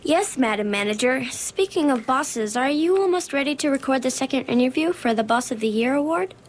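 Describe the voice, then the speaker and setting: A woman's voice: high-pitched, lively intonation, a little fast. A woman playing an earnest, polite young woman who runs interviews in an audio drama. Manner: polite and earnest, giggly when nervous.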